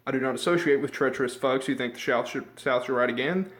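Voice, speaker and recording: A man's voice: mid-range voice, fast, fairly bright tone. A young man from the United States ranting casually in a vlog. He rambles, swears a lot, loses his thread and sounds out of breath and a bit sick. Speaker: vlogger. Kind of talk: casual opinion rant.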